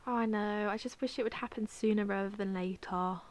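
A woman's voice: mid-range voice, fairly even intonation, brisk, darkish tone. A young woman co-hosting a podcast, chatting casually in a teasing, playful way. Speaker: podcast co-host. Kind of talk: casual chat.

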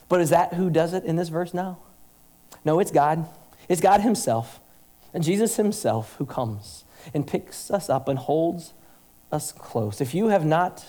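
A man's voice: a little high, mellow. A man preaching a sermon as pastor, earnest and emphatic, leaning on rhetorical questions.

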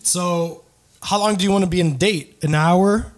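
A man in his thirties hosts a podcast and tells a loose, rambling story about a date, full of curse words and slang with some Spanish thrown in. His voice is high-pitched and his pace moderate.

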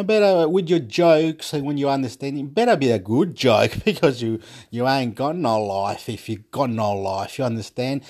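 A man's voice: mid-range voice, darkish tone. A man rambling through an aggressive, profane and repetitive monologue. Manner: breaks into laughter.

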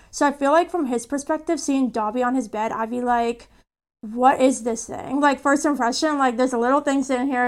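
Earnest woman co-host, slightly high voice. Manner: earnest, uses many "like"s. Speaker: podcast co-host. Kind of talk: casual chat.

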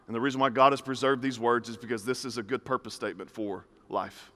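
A man's voice: mid-range voice, fairly even intonation, fast, few pauses, sharp tone. A man in his thirties preaching a sermon in a conversational style, with punchy repeated phrases. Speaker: pastor. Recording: reverberant hall.

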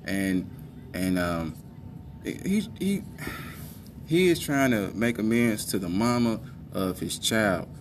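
A man from the Midwest hosting a podcast, doing casual comedic commentary in an animated, exasperated way and talking straight to his listeners. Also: on the low side, slow, pauses often, slight background noise. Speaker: podcast host.

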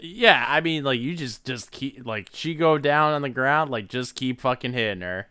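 A man's voice: mid-range voice, expressive, normal speed, bright, forceful tone, clear, resonant tone, no echo, studio quality. A man co-hosting a casual comedy podcast who rambles loosely and laughs often. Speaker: podcast co-host.

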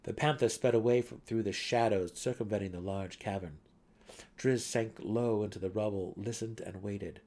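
A man giving a dramatic reading of a fantasy novel, swelling louder and sinking to hushed tones, with a husky voice. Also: fairly low pitch, moderate pace. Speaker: audiobook narrator.

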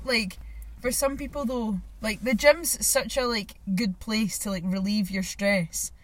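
A woman's voice: medium pitch, fairly bright tone, slight background noise. A young woman co-hosting a podcast, talking in a chatty, rambling way and laughing often. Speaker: podcast co-host. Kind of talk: casual chat.

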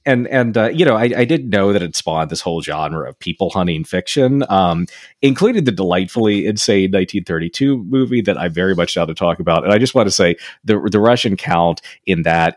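A man's voice: low-pitched, dry recording, clean studio sound. A man co-hosting a podcast, talking casually about books with many fillers and restarts and frequent laughs. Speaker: podcast co-host. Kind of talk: casual literary discussion.

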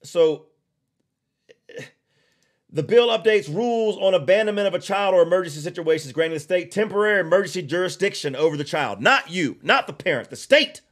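With a high-pitched voice, a man airs blunt, heated political views on his podcast. He leans on slow, emphatic repetition and drawls his asides.

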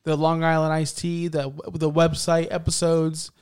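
Animated joking man on a podcast. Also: on the high side, moderate pace, clear, resonant tone. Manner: animated, joking, talks over his co-host. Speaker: podcast co-host. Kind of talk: casual chat.

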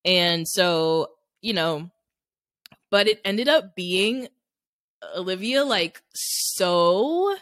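A woman's voice: lowish voice, lively intonation, very slow, a bit bright, dry recording, clean studio sound. A young adult woman co-hosting a podcast, telling personal stories in a candid, rambling way, packed with "like" fillers. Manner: rambling, heavy use of "like" fillers. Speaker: podcast co-host. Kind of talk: casual chat.

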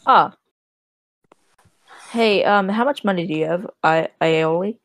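A woman player in a tabletop game over an online call, joking quickly in casual chat. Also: lowish voice, no echo. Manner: quick and jokey.

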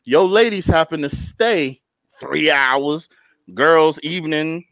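A young man and podcast co-host telling an animated comedic story in casual chat, laughing often and constantly checking in with his listeners. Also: a little high, slow, dry recording. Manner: animated storytelling with constant laughs and "you know what I'm talking about".

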